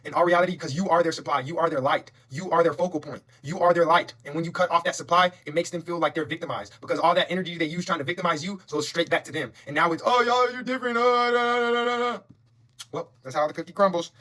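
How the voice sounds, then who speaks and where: A man's voice: fairly high pitch, steady tone, fast talker, hardly any pauses, a bit bright. A man giving a motivational tarot reading, fervent and repetitive, preaching affirmations and swearing casually. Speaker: tarot reader.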